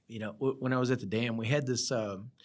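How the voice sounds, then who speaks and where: A man's voice: mid-range voice, steady tone, normal speed. A middle-aged man, a project surveyor, telling rambling work stories in a casual chat, laughing often. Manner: laid-back rambling storyteller, laughs often. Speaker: project surveyor, podcast guest.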